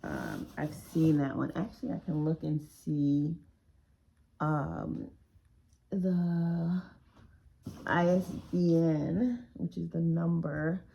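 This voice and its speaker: A woman's voice: low-pitched, steady tone, takes it slowly, creaky, long pauses, mellow, slight background noise. A woman author unboxing her own book in a casual vlog, chatty and emotional with frequent exclamations.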